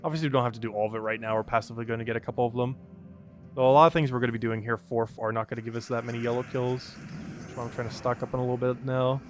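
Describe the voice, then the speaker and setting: A man's voice: medium pitch, fairly even intonation, rapid-fire, faint music behind. A man streaming a game live, chatting casually, reading and greeting chat, and laughing often.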